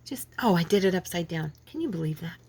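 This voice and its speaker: A woman's voice: lowish voice, lively intonation, fast, a little mellow, breathy edge. A woman with a lingering head cold, chatting casually and rambling as she works on a craft project. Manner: chatty, rambling, self-deprecating. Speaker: craft channel host.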